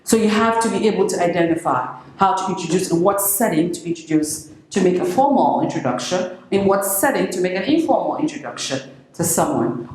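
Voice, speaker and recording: A woman teaching an English class, lively and demonstrative, acting out greetings with big swings in her voice. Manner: animated, acts out greetings with big pitch swings. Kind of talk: classroom lesson. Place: echoey classroom. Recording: very echoey room with steady noise.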